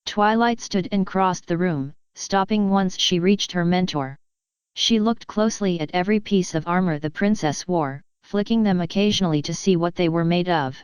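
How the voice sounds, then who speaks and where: A woman narrating a fan fiction audiobook in a steady, measured way. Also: fairly low pitch, clear, resonant tone, dry recording, lo-fi sound.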